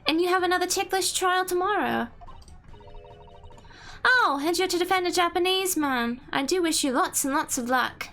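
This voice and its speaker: A woman's voice: very high-pitched, normal speed, a bit bright, soft background music, voice pushed up. A woman reading game dialogue aloud, voicing a small, cheerful young girl inventor in a chirpy, prim and polite way.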